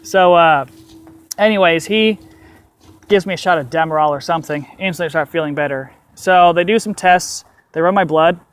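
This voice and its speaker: A man's voice: a little high, moderate pace, clear, resonant tone. Candid man telling a walk-and-talk story. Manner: candid, animated, swears casually. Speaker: vlogger.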